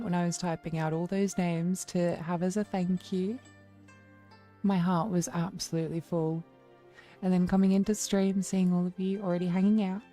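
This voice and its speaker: A woman leans close to her microphone for a laid-back evening chat with her viewers, her tone mellow and warm. She plays up a teasing, theatrical demon-queen persona, flirty and grand. A faint bed of music sits beneath her voice. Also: mid-range voice. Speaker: streamer hosting her own channel. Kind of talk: relaxed late-night chat stream. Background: faint background music.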